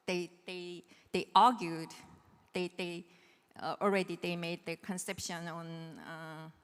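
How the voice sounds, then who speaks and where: Female seminar presenter, unhurried explanatory delivery, long hall reverb. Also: fairly low pitch, fairly bright tone. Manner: patient, checks understanding with "right?". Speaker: seminar presenter on patent law. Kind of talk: explanatory technical lecture.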